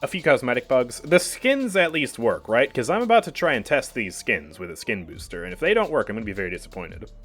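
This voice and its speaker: A man's voice: medium pitch, very animated, a little fast, few pauses, fairly bright tone, soft background music. A man streaming a game live, chatting casually with his viewers and laughing often as he comments.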